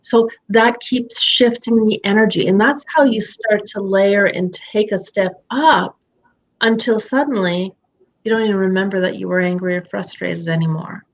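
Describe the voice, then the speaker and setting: A woman's voice: medium pitch, moderate pace. A woman coaching a client in a live session from her home office, talking expressively and acting out quoted thoughts in other voices. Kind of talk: candid coaching conversation.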